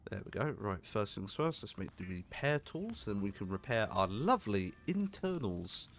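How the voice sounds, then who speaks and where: A man chats through his game in a casual, joking way, swearing when things go wrong. His voice sits on the low side. A faint hiss runs behind him. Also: very animated, normal speed. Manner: chatty, jokey, swears when startled. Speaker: gaming streamer. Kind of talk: casual gameplay commentary.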